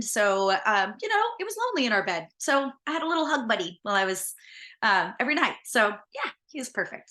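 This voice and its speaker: A woman's voice: on the high side, pushed and bright. A woman host earnestly retelling a personal story in a conversational way. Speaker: podcast host.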